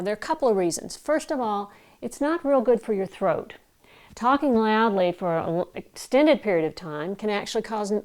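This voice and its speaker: Clear-voiced woman voice coach teaching. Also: mid-range voice, a little mellow. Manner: clear, measured teaching with vivid analogies. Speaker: broadcast voice coach. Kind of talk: instructional talk to camera.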